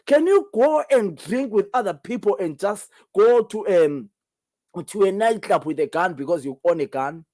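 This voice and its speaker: The voice sits high with lively intonation, a darkish tone and normal speed, belonging to a Zimbabwean man who speaks Ndebele natively. Alone on his call-in show, he comments emphatically, asks plenty of rhetorical questions and repeats himself.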